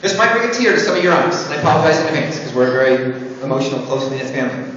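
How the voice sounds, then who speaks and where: A man giving a lively, joking motivational talk to an audience at a sales event. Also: medium pitch, racing. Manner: playful, joking, animated, teasing the audience. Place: large hall with an audience. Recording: echoey hall, distant mic, muffled, noisy.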